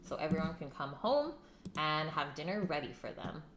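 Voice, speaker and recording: A young woman hosts a casual live-stream cooking show from her home kitchen, her deep voice very animated at a moderate pace over a noisy background. She chats with viewers, reads their names aloud, and talks while eating, in an echoey kitchen with faint music.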